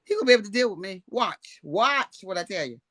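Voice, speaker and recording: A woman with a bright, forceful voice, talking in a casual chat. She is animated and preachy, and she laughs now and then. The sound is dry and close. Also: mid-range voice, fast, dry recording. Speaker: co-host.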